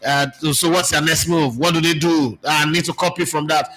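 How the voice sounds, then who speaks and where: A Nigerian sports radio presenter speaking in a casual, animated monologue, mixing in pidgin phrases as he reflects. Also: fairly high pitch, normal speed, poor audio.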